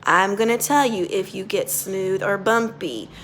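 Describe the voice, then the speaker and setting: A woman speech therapist with a mid-range voice walks a child through a lesson, speaking slowly and deliberately and offering gentle praise. There's slight background noise.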